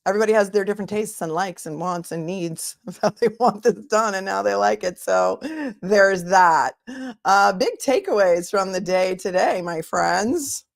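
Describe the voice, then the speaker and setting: A middle-aged woman with a Boston accent and a gravelly, medium-pitched voice speaks at normal speed on her casual livestream. An attorney who hosts trial commentary, she reads viewer super chats, thanks people warmly, and thinks aloud while chatting about the day in court.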